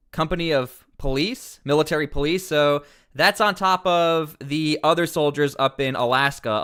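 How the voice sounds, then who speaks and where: A man's voice: on the high side, fairly bright tone, clear, resonant tone. A man commenting on news during a casual livestream, rambling with many fillers and restarts.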